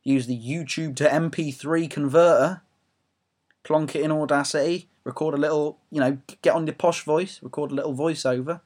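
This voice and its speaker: A man's voice: fairly high pitch, steady tone, normal speed, darkish tone. Young English man, home audio blog, rambling football rant, sweary and self-deprecating. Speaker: football fan blogger.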